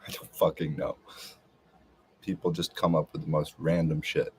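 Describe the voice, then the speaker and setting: A man's voice: rumbling low, flat delivery, normal speed, darkish tone, a little hiss or hum. A man talking in a casual, rambling monologue, hesitant and full of filler words. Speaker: podcast host.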